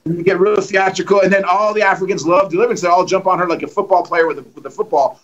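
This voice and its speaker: High-voiced animated male evangelist. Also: fast talker, dull audio. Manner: animated, acts out quotes, joking. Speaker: guest evangelist. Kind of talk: storytelling in a livestream conversation.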